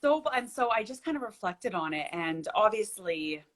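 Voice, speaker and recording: A woman's voice: medium pitch, moderate pace. A young woman, a shop owner, telling a story as a guest on a video-call interview, acting out the people she quotes. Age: young adult. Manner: animated storyteller, acts out quoted dialogue.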